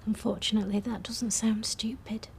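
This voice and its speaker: An actress playing a nosy bride-to-be who coaxes a friend in a brisk way. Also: female voice, on the high side, expressive, a little mellow, slight background noise, natural voice. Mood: coaxing.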